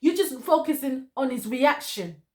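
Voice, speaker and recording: A woman with a high voice talks straight at a reality-show contestant as if giving her advice. She hammers her points home by repeating the same phrase again and again. Her tone is opinionated and direct, like a stern talking-to. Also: expressive, measured pace. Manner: lecturing, repeats phrases for emphasis, addresses the cast member directly. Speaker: TV show reviewer.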